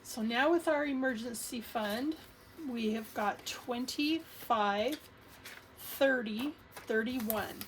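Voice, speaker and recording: Slow-talking cheerful woman budget vlogger. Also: fairly high pitch, a little hiss or hum. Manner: chatty, cheerful, counting money aloud with fillers. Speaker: budgeting channel host. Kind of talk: casual cash-stuffing vlog narration.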